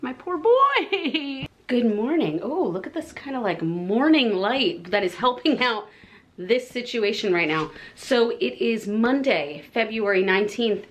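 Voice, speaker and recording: Gushing and excitable, this female vlogger speaks in a Southern American accent with a mid-range voice, chatting casually and using plenty of fillers.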